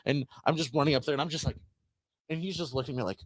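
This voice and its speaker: Fast-talking male podcast host. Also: medium pitch, no echo. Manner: rambling anecdote with acted-out quotes. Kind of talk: casual podcast storytelling.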